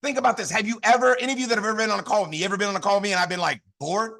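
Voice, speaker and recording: A man's voice: high voice, steady tone, rapid-fire, vocal fry, pushed and bright. A man delivering an emphatic, fired-up motivational talk at a sales training. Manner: fired up, emphatic, repetitive exhortations. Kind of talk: high-energy motivational talk.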